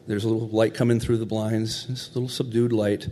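A man's voice: on the low side, little pitch movement, fairly quick, warm tone, slight background noise. A middle-aged man telling a heartfelt personal story in a conversational, tender way.

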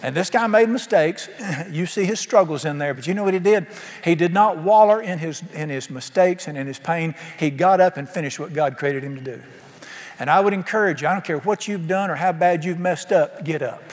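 A man's voice: a little high, brisk. A man preaching a sermon emphatically, asking his congregation questions. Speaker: pastor. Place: church sanctuary. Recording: long hall reverb.

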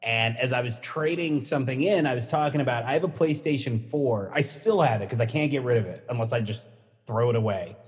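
A middle-aged man hosting a casual chat, relaxed and teasing, who laughs often. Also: medium pitch, a little fast, in a large hall.

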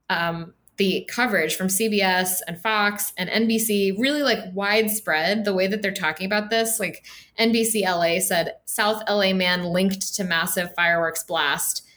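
A woman's voice: mid-range voice, a bit bright. A woman co-hosting a podcast, talking casually with many fillers and a sarcastic edge. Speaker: podcast co-host. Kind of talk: casual political chat.

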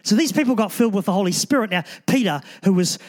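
High-voiced male preacher, conversational. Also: lively intonation, fast talker, a little mellow. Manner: conversational preaching with frequent restarts and asides. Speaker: pastor. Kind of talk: sermon.

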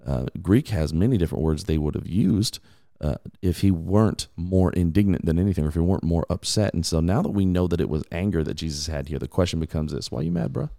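A man hosting a podcast, casually teaching from the Bible in an animated way, laughing and mimicking voices. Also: sits low, quick pace.

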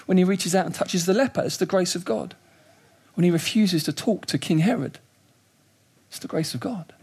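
A middle-aged man preaching a sermon, emphatic and animated, moving between quiet reflection and raised urgency. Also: sits high, normal speed, slightly rough.

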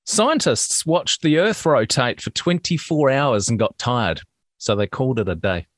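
A man's voice: medium pitch, expressive, measured pace, dry recording, studio quality. A middle-aged man with a New Zealand accent, co-hosting a podcast and trading jokes in casual chat. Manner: jokey, laughs often. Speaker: podcast co-host.

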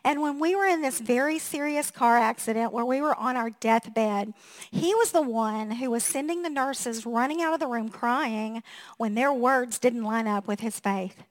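A woman pastor in her fifties preaches with a high, bright-sitting voice. She talks in a chatty, animated storytelling way, often breaking into laughter and acting out what people said. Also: normal speed. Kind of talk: storytelling sermon.

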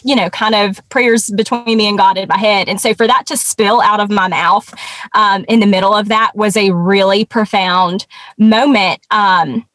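A woman guest telling a personal story in an earnest, conversational way, with many pauses and restarts. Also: mid-range voice, fairly bright tone, no room sound.

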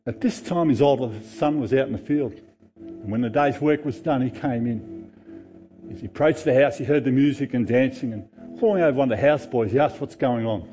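A man, a pastor, preaching a sermon and retelling a parable with animated storytelling. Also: mid-range voice, brisk. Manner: animated storytelling, acting out characters' lines.

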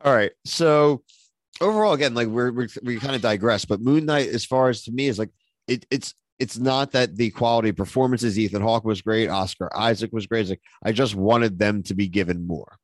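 A man hosting a casual pop-culture podcast, excitable and rambling, with lots of filler words. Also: lowish voice, brisk, no room sound. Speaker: podcast host.

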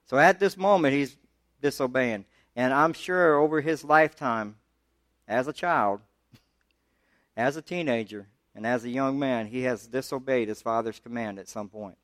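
A man preaching a sermon as pastor, talking through scripture in a conversational way and pushing his voice higher when he presses a point. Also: a little slow, fairly bright tone, dry recording. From United States.

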